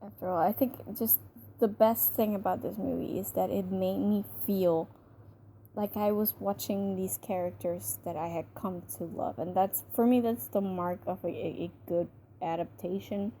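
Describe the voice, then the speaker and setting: A woman's voice: medium pitch, fairly even intonation, normal speed, dark tone, a little hiss or hum. A young woman giving a casual, gushing film review, chatty with many fillers and restarts. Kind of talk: casual spoken movie review.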